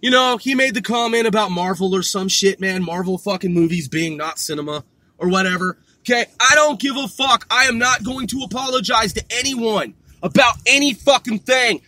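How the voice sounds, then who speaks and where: A man's voice: sits high, moderate pace, sharp tone, no room sound. A middle-aged man ranting in an exasperated, profane way, repeating himself and swearing constantly. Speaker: vlogger. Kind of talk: ranting monologue.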